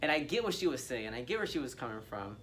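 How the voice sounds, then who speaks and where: A man's voice: medium pitch, sing-song, fast, a bit bright. A man speaking candidly and casually in a discussion, with slangy asides.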